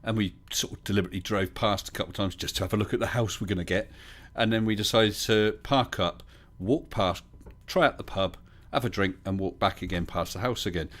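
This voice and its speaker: A man's voice: fairly low pitch, a little fast, a bit bright. A middle-aged man from the south of England hosting a livestream, chatting casually, telling stories and reading viewer comments aloud. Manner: chatty storyteller, reads chat aloud. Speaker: livestream host.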